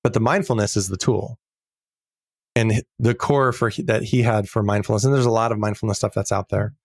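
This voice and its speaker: A middle-aged man with a low, gravelly voice speaks earnestly as a podcast guest. He is reflective and draws out his key words. The sound is dry and close to the mic. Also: fairly even intonation, brisk, no room sound. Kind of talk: casual interview conversation.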